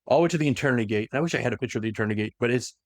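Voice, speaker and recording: A man's voice: medium pitch, racing, no room sound, clean studio sound. A man hosting a podcast, casually retelling a story with lots of fillers and self-corrections. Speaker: podcast host.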